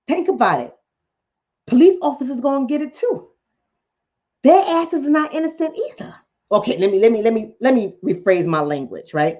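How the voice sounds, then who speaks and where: A woman vlogger delivers a casual commentary monologue straight to her viewers. Her high voice swings widely up and down as she preaches with emphasis. The sound is a little dull and lo-fi. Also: very animated, normal speed, darkish tone.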